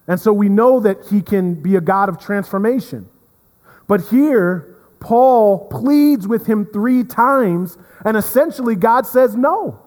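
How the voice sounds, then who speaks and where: A man preaching a sermon as pastor, earnest, repeating words and swinging from emphatic to hushed. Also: high-pitched, animated, slow pace. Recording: long reverb of a hall.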